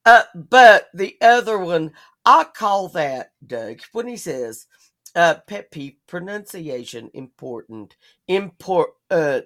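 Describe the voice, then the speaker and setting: A woman co-hosting a show in casual chat, animated and blunt, swearing freely while she complains. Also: fairly low pitch, takes it slowly. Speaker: podcast co-host.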